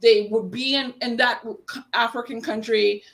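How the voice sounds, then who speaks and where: A woman from the United States chats casually, winding through a long story full of restarts. She puts on little voices for everyone she quotes, and her voice sits a bit higher than most. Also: fairly even intonation, normal speed. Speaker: guest panelist. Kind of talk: casual chat.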